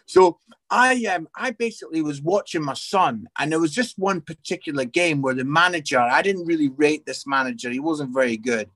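A man in his forties with a Scottish accent, a guest telling stories with energy in a casual interview. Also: fairly high pitch. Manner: lively storyteller, energetic. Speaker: guest, Christian podcaster.

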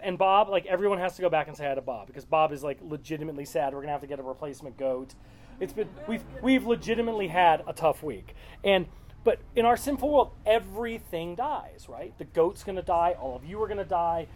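A woman's voice: fairly low pitch, animated, fast, darkish tone, a little hiss or hum. A woman leading a small-group Bible study, reading verses aloud and explaining them in a loose, conversational way.

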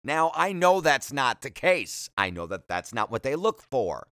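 A man's voice: mid-range voice, big pitch swings, a little slow, a bit bright, no echo. A man hosting a solo podcast, rambling in a chatty, self-deprecating way with jokey asides, speaking close to the mic. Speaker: podcast host.

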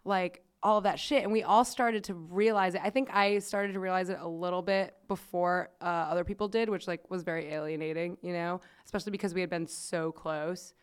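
Smooth-voiced woman telling a story. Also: lowish voice, fairly even intonation, brisk, hardly any pauses. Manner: chatty, swears freely, many "like" fillers. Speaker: podcast host. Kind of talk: casual storytelling chat.

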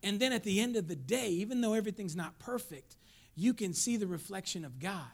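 A man preaching as a pastor, swinging from hushed asides to shouted lines and talking familiarly with his congregation. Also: sits high, lively intonation, fairly quick, vocal fry. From Mexican heritage, raised in the US. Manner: folksy, conversational with the congregation. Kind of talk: sermon.

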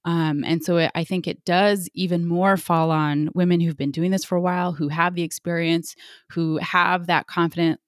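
Woman doctor in her forties, candid interview guest, animated storytelling, fillers, dry close sound. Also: on the low side, normal speed, no echo. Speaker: sports medicine team physician.

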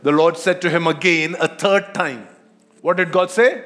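Guy preaching a sermon, kinda high voice, lots of "right?" and questions to the crowd, big echoey hall. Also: steady tone, moderate pace, fairly bright tone, faint music behind. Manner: rhetorical questions, checks in with listeners. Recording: long hall reverb.

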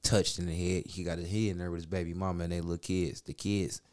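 Man, low voice, casual podcast chat, profane storyteller, loud then hushed. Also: flat delivery, fast. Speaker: podcast co-host. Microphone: studio mic.

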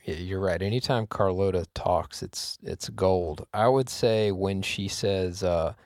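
Low-voiced wry male podcast host. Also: unhurried, darkish tone, no room sound, clean studio sound. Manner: wry, joking, slightly rambling. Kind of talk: casual podcast chat.

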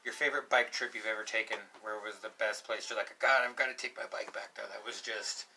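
Jokey man with a very bright voice. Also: lowish voice, fairly even intonation, fast, creaky, slight background noise. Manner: jokey, interjects and riffs on words. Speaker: podcast co-host. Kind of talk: casual chat.

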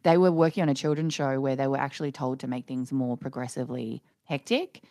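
A woman co-hosting a casual chat podcast, telling stories in a blunt, profane, animated way. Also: rumbling low, fast talker, no room sound, studio quality. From Australia. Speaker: podcast co-host.

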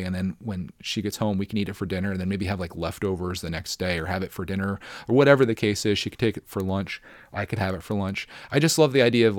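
Earnest, rambling man at home, lowish voice. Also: dry recording, studio quality. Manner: rambling, earnest, self-deprecating, with frequent restarts. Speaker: YouTube creator and podcast host. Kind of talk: casual solo podcast monologue. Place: at home, a child audible upstairs.

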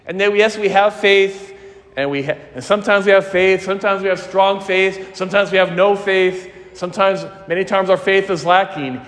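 A man preaching a sermon as a priest, earnest and emphatic, with slow, deliberate phrasing. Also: high-pitched, fairly even intonation, a bit bright. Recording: long church reverb.

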